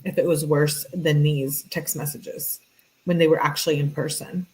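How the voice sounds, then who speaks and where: A woman with a lowish voice reads text messages aloud for her true-crime commentary. She breaks in with blunt, exasperated, conversational asides. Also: fairly even intonation, moderate pace, a little mellow, low-quality recording.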